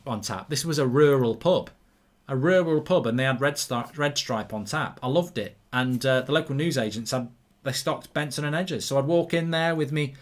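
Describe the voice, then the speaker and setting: A man's voice: fairly high pitch, fairly bright tone. A man hosting a live football watchalong, rambling casually as he reads viewer comments aloud. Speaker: host. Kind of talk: live match watchalong chat.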